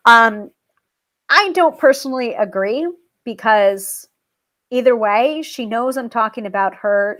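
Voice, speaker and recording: A woman with a medium-pitched, fairly bright voice runs a tarot show in a chatty way. She covers her work with a goddess and reads tips from a list, peppering it all with ums, false starts, and self-amused laughter.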